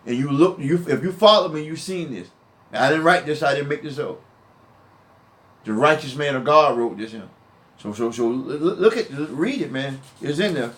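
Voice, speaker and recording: A man's voice: on the high side, lively intonation, moderate pace, fairly bright tone. A man giving informal Bible teaching to his viewers, heated and emphatic, often repeating and restarting his words.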